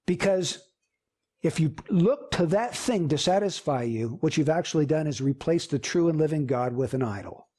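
A male pastor delivers a sermon in a church. His voice sits fairly high for a man, and he preaches earnestly, driving points home through repetition. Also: lively intonation, normal speed, a little mellow, breathy edge. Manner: earnest, emphatic preaching with repeated phrases.

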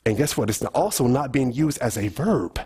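A man's voice: mid-range voice, animated, moderate pace, mellow, breathy edge. A middle-aged man preaching a teaching sermon in a church, asking the congregation questions as he goes. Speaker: pastor.

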